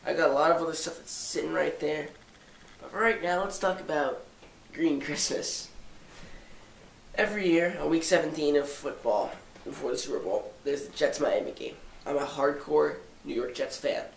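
A man's voice: a little high, moderate pace, creaky, a little hiss or hum. Teen boy, 17, stuffy nose; rambling jokey vlogger, roomy sound from a distance. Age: 17, teenager. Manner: rambling, jokey, self-mocking asides. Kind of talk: casual holiday vlog. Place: living room by a tall Christmas tree.

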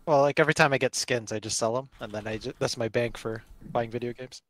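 A man's voice: mid-range voice, fairly even intonation, fast talker, a bit bright. Easygoing young-sounding gamer man. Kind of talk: casual gaming chat.

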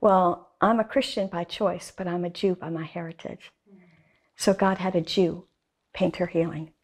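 A woman's voice: fairly low pitch, fairly even intonation, moderate pace, darkish tone. A woman, a guest artist, telling stories in an interview with enthusiasm and emphatic repetition. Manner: enthusiastic, emphatic, with repeated phrases. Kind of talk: interview storytelling.

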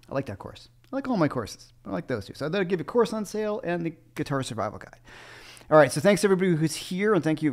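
Male guitar teacher, casual livestream host, average pitch, meandering delivery. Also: a little mellow. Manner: loose, rambling asides.

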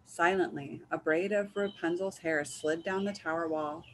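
A woman reading a picture book aloud in a gentle, measured storytelling manner. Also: fairly low pitch, steady tone, a little hiss or hum, low-quality recording. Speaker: reader.

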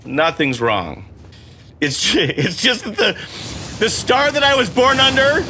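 Casting: middle-aged male gamer host, bright voice, swoops high and low, exclamatory, self-mocking, salty. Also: sing-song, measured pace, a little hiss or hum. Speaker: gaming channel host playing while his son coaches. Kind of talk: excitable gameplay commentary.

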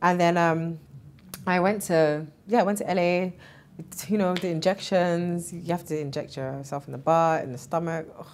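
Woman in her thirties, interview guest; lively, laughs easily, plays out what others said. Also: lowish voice, moderate pace, slight background noise. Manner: animated, laughs often, acts out quoted voices. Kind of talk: emotional interview storytelling.

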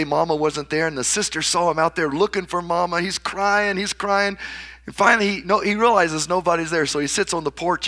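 A man preaching a sermon, dramatically acting out the words of the people he quotes. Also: pushed and bright. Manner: dramatic, acts out quoted voices with big swings in pitch and volume. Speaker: pastor.

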